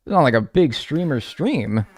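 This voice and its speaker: A man's voice: mid-range voice, big pitch swings, moderate pace, faint music behind. Rambling, joking male streamer. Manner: rambling, joking, self-mocking. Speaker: live streamer. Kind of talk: casual live-stream chat.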